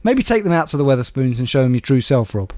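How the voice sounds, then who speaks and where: A man's voice: medium pitch, big pitch swings, quick pace, a little mellow, no room sound. A young man co-hosting a podcast, riffing sardonic jokes in casual chat. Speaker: podcast co-host.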